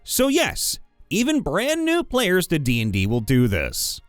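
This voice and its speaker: A man narrating viewer-submitted tabletop game stories with animated, playful asides. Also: fairly high pitch, unhurried, soft background music. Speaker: story channel narrator. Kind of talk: reading viewer stories aloud.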